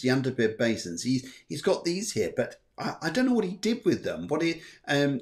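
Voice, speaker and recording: A man's voice: mid-range voice, very animated, moderate pace. Rambling jokey male medium host. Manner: rambling, self-correcting, jokey, many fillers. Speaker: psychic medium and show host. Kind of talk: live-streamed psychic readings, chatty.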